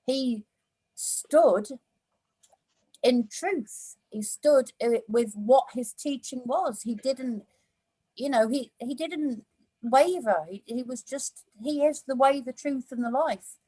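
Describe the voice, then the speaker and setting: A woman's voice: high-pitched, slow, mellow, breathy edge, no room sound, rough recording. A woman talking about a Bible passage in a casual discussion, earnest and reflective, with many "you know"s. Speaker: church discussion partner.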